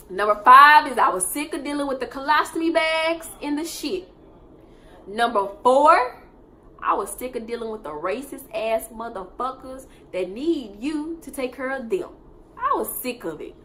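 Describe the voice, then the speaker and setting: A young woman, telling a work story in a casual storytime monologue and swinging between low mutters and loud, profane outbursts.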